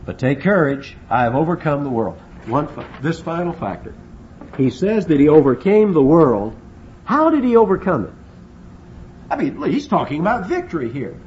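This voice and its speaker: Animated preacher with a mellow voice. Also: male voice, a little high, lo-fi sound, slight background noise. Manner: animated, rhetorical questions, acts out quotes. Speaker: pastor. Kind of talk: sermon.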